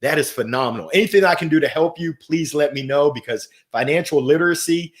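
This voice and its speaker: A middle-aged man hosts a live motivational stream, slightly high-pitched and upbeat. He swings from soft to loud as he reads out viewer comments and answers them. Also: fast talker. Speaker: host of a weekly motivational livestream.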